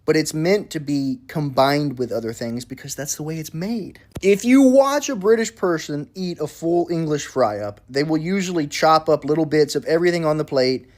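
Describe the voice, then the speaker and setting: A food content creator talking casually, explaining in a relaxed way with some mild swearing. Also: male voice, fairly high pitch. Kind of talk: casual commentary.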